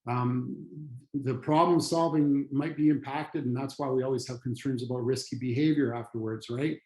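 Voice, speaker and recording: A mid-pitched man with a Canadian accent teaches a training session in a loose, conversational way, with plenty of restarts. He jumps up in pitch whenever he acts out what people say. The room around him rings with echo. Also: fairly even intonation, normal speed, a little mellow. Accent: Canadian English. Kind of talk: online training lecture.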